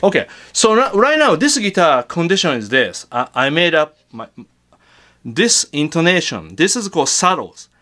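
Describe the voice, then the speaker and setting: A man's voice: a little high, big pitch swings, normal speed, bright, forceful tone. A man teaching guitar tricks in a casual, unedited way, chatty and full of fillers and restarts.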